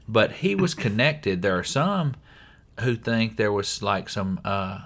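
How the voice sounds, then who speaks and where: A man's voice: on the low side, big pitch swings, slow, creaky, a bit bright. A man with a Southern US accent co-hosting a podcast in casual chat, often saying his co-host's name. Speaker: podcast co-host.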